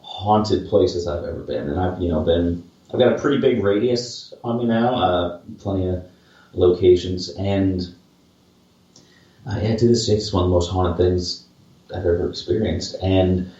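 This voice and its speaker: Deep-voiced man in a very echoey room. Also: moderate pace, warm tone. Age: late 20s. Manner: rambling and self-deprecating, with many fillers and restarts. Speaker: podcast co-host, paranormal investigator. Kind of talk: casual podcast chat. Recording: distant, very echoey, muffled mic.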